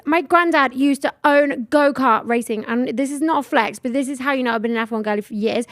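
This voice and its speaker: A young woman, hosting a podcast and telling stories in an animated, sweary way. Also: fairly high pitch, no room sound, studio quality. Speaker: podcast host. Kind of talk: casual chat.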